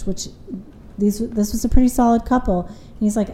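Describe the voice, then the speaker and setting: A woman's voice: a little high, fairly even intonation, moderate pace, mellow, roomy sound, a little hiss or hum, poor audio. A woman couples therapist explaining relationship patterns in an earnest, conversational way, often retelling what her clients said.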